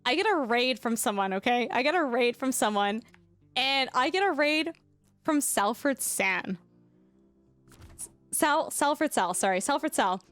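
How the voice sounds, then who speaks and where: A young woman chatting casually on a live stream, telling an embarrassing story with lots of laughter and sudden high squeals. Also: a little slow, pauses often, no echo, soft background music. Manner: animated storytelling, frequent laughter, rising squeals. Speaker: livestreamer.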